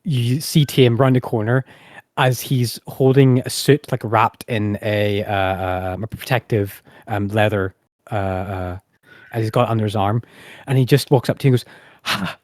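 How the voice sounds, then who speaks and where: A man's voice: on the low side, steady tone, moderate pace, darkish tone, dry recording, studio quality. A man narrating a tabletop game as game master, hesitant and full of ums and restarts.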